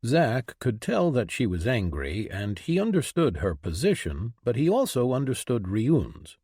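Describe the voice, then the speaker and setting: A man narrating a fantasy audiobook in an expressive reading style. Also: medium pitch, unhurried, slightly rough, no room sound, studio quality.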